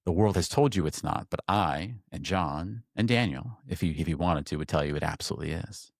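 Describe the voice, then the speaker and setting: Low-voiced male cohost, cheeky and lively, wide-ranging pitch, dry close mic. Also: a little fast, creaky, dry recording. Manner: lively, cheeky, reads text aloud with laughs. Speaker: podcast co-host. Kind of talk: casual podcast chat.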